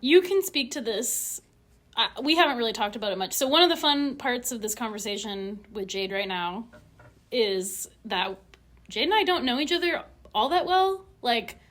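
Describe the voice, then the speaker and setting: A woman hosting a podcast in casual, quick conversation, peppered with "like". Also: fairly high pitch, animated, fairly bright tone. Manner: chatty and quick, with lots of "like". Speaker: podcast host.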